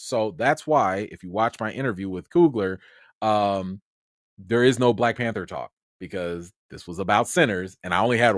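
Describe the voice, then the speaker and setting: A man from Chicago tells a story on his livestream in a slangy, excitable way, his pitch leaping up and down as he gets worked up. The sound is dry and close, with no room around it. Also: dry recording. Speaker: film critic and channel host.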